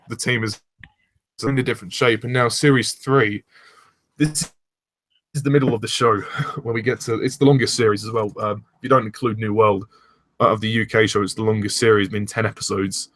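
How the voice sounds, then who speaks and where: A young man chatting casually as a fan reviewer, relaxed and agreeable, steering the conversation. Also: lowish voice, normal speed. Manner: relaxed, agreeable, leads the discussion. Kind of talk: casual chat.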